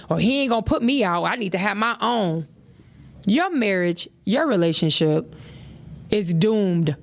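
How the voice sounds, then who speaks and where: Woman podcaster giving relationship advice, preachy, repeats stuff, says "you know" a lot. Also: medium pitch. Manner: preachy and emphatic, repeats points for effect; conversational, peppered with "you know". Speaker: podcast host. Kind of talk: casual relationship advice monologue.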